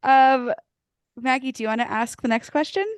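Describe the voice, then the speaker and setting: A woman's voice: sits high, moderate pace, clear, resonant tone, dry recording. A woman hosting an interview, asking upbeat and encouraging questions. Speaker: host. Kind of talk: interview, casual chat.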